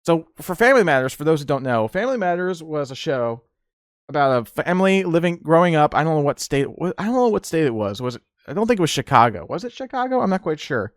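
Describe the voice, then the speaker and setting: Man, podcast host, casual rambler, fairly high voice. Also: sing-song, fast talker, no echo, studio quality. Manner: rambling, laughs often, many fillers. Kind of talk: casual chat.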